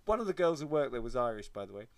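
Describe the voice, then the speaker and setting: A man from England telling funny stories in a casual podcast chat, jokey and animated. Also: mid-range voice, very fast, crowd noise. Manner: animated, jokey, mimics shrieks.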